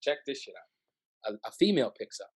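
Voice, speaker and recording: A man's voice: medium pitch, quick pace, slightly rough. A man from the Bronx, a podcast guest telling a personal story in casual chat, acting out the voices of the people in it. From the Bronx, New York. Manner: animated, acts out voices in his stories.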